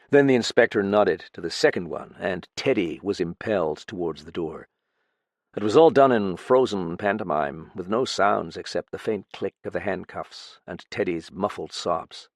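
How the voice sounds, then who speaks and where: A male narrator reading a mystery audiobook at a measured pace. His voice is low and gravelly, with a dry, close sound and no room echo. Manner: measured storytelling. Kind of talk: scripted narration.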